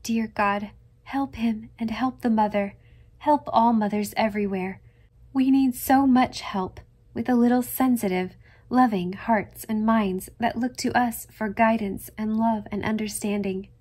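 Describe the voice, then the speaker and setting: A woman reading a gentle young mother. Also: fairly high pitch, fairly even intonation, a little slow. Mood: tender.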